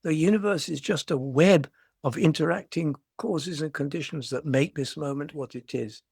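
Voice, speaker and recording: A man's voice: a little high, normal speed, creaky, darkish tone, husky, no echo, studio quality. An older man giving a dharma talk as a meditation teacher, reflective and storytelling, often restarting his phrases.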